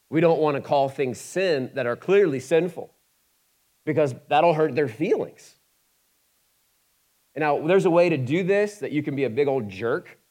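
Man, pastor, conversational sermon, swings from loud to soft, quick asides. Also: mid-range voice.

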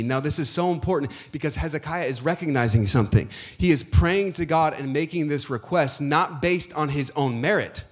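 A middle-aged man preaching a sermon as pastor, emphatic and building to passionate peaks. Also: mid-range voice.

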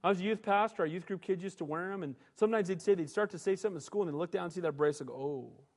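A man's voice: high voice, racing, a little mellow. A male pastor preaching a sermon in a conversational style, often asking the congregation "amen?". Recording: long hall reverb.

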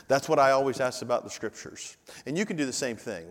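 A man preaching a sermon with emphatic, repetitive delivery that builds to loud climaxes, with casual asides to the congregation and the slide operator. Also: mid-range voice, animated, normal speed. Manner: informal asides to the congregation and tech team. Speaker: pastor. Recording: long reverb of a large hall.

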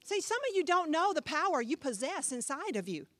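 A middle-aged woman pastor delivers a sermon in a high, dry voice, miked closely with no echo. She speaks briskly with big pitch swings, firing off rhetorical questions and shifting from loud emphasis to hushed asides.

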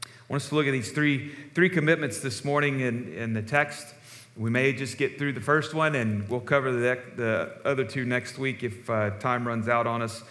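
Male preacher, mid-pitched, chatty sermon delivery, long hall reverb. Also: normal speed. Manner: conversational, relaxed storytelling with fillers. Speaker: pastor.

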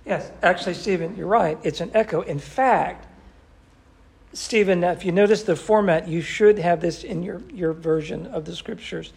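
A man's voice: high-pitched, normal speed, vocal fry, darkish tone, slightly rough. A man teaching an interactive Bible study who asks his class questions and quotes scripture expressively.

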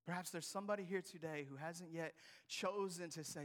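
A man preaching a sermon to a congregation, swinging from hushed, near-whispered lines to loud, emphatic passages. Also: a little high, brisk, soft background music. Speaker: pastor. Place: church hall before a congregation.

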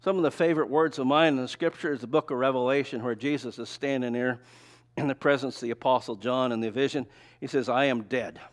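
A man's voice: mid-range voice, fairly even intonation, fast talker. An older man giving a conversational, folksy sermon, often asking rhetorical questions and telling personal stories. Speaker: preacher. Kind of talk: sermon with slides.

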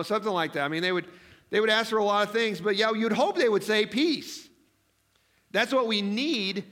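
A man's voice: high-pitched, fairly bright tone. A man preaching a sermon as pastor, conversational and self-deprecating, often asking the congregation questions. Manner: self-deprecating, jokes about himself.

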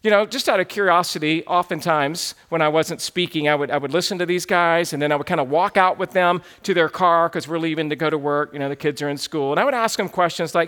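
Man, 30s, preacher, lively storytelling sermon, high-pitched. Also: brisk. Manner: animated, quotes others in put-on voices. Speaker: pastor.

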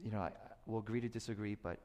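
A middle-aged man preaching a sermon as pastor, who acts out quotes in loud high bursts and sinks to a soft low voice for serious points. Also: steady tone, rapid-fire. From Korea. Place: church sanctuary. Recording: long hall reverb.

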